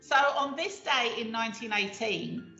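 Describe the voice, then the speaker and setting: A woman's voice: on the high side, lively intonation, a little slow, vocal fry, pushed and bright, reverberant, muffled recording, faint music behind. A woman co-hosting a casual chat show, chatty and reading out facts from history. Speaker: co-host.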